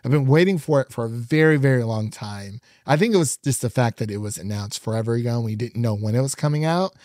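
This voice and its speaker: A man's voice: mid-range voice, darkish tone, no room sound, clean studio sound. A man co-hosting a podcast, chatting casually and laughing often as he rambles through a review. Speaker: podcast co-host.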